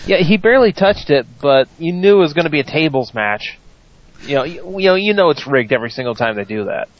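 A man's voice: on the high side, expressive, quick pace, no room sound, muffled recording. A man co-hosting a casual wrestling podcast, wry and chatty. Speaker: podcast co-host.

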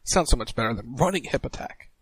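A man co-hosting a casual podcast, recapping wrestling moves in quick play-by-play style. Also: expressive, husky, no room sound, low-quality recording. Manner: rapid recap, mimics crowd chants in a higher voice.

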